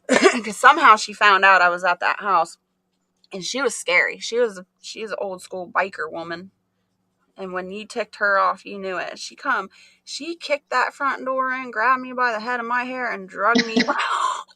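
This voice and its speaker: A middle-aged woman hosting a livestream, telling animated stories in casual chat and laughing often. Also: medium pitch, moderate pace, no echo. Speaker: livestream host.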